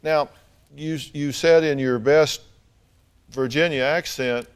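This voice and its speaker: A man's voice: fairly high pitch, fairly even intonation, slow pace, clean tone. Southern male talk show host, blunt, dry-humored questioner, studio stage. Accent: Southern American. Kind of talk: confrontational interview questioning.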